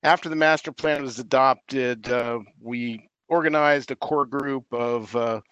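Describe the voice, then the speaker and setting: Man, clear smooth voice, dry close sound, steady meeting-call update full of fillers. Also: mid-range voice, no room sound, highs cut off. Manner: measured, with frequent fillers and restarts. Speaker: staff member giving an update. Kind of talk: meeting report by audio call. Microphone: audio-only call, no camera.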